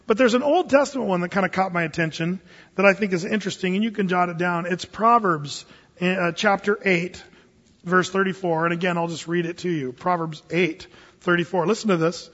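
Animated high-voiced pastor preaching. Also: male voice, brisk. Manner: animated, jokey, acts out voices. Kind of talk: sermon. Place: church hall. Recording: echoey hall, dull lo-fi sound.

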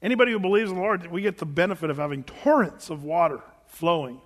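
High-voiced preaching man in a reverberant hall. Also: fast talker. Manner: rhetorical questions and dramatized retellings. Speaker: pastor. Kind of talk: sermon.

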